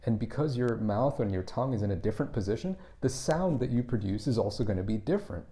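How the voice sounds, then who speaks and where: A man's voice: mid-range voice, lively intonation, quick pace, warm tone. A man explaining English pronunciation in a casual spoken lesson, often restarting and repeating words as he thinks.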